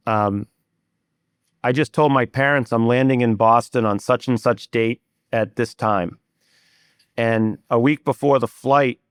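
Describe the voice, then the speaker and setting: An older man tells a personal story in a candid, halting way, full of fillers and restarts. His voice is smooth and resonant, at a middle pitch, and the recording is close and dry. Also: no room sound. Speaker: guest, private equity investor. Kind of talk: storytelling in an interview.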